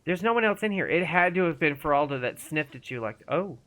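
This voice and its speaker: A woman's voice: sits low, expressive, a little fast, fairly bright tone. A woman streaming a game and chatting casually, rambling playfully and talking to the characters. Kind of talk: casual live-stream commentary.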